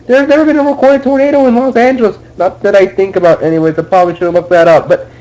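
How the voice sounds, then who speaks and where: Young male co-host, high animated voice, exasperated profane ranting, dull lo-fi recording. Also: fast. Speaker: podcast co-host. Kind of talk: casual ranting movie review.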